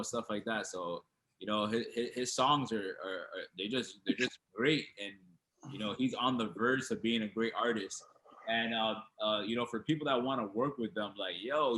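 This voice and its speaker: A man's voice: lowish voice, bright, forceful tone, rough recording. A man hosting a podcast, rambling in casual chat full of slang and fillers. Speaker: podcast host and DJ.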